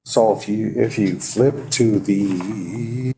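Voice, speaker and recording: A man's voice: on the low side, mellow, slight background noise, poor audio. A man chairing a tribal council meeting, calling votes and moving through the agenda informally. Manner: brisk, informal procedural talk.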